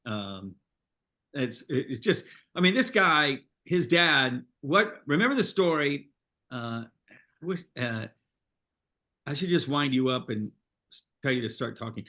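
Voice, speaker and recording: A man's voice: medium pitch, very animated, a little slow, pushed and bright. A man hosting a casual chat who rambles, with many fillers and restarts. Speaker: host.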